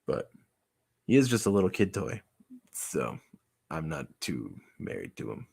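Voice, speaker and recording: A man's voice: rumbling low, wildly swooping pitch, measured pace, creaky, pauses often, darkish tone, slightly rough. A man making a puppet, rambling and musing aloud in casual vlog chat. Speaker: puppet maker.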